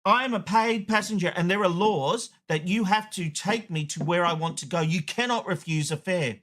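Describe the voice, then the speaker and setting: A man's voice: high voice, normal speed, a bit bright. A middle-aged Australian man hosting a TV show, delivering a blunt opinion rant and telling a story with acted-out dialogue. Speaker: TV host.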